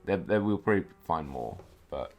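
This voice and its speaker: A young man co-hosting a casual film commentary, laid-back and often trailing off into quiet asides. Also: sits low, lively intonation, moderate pace, soft background music.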